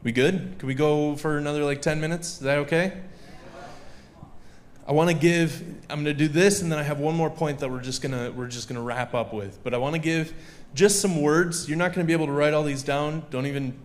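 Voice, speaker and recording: A man's voice: fairly high pitch, steady tone, brisk. A man giving a sermon in a conversational way, chatting and joking with a live audience.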